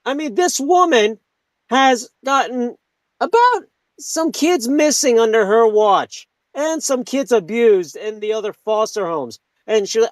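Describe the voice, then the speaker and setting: A man with a high voice rants as a live talk radio host, heated and profane, stumbling over restarts as he presses on. The sound is dry and close, with no room around it. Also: animated, unhurried, dry recording, poor audio.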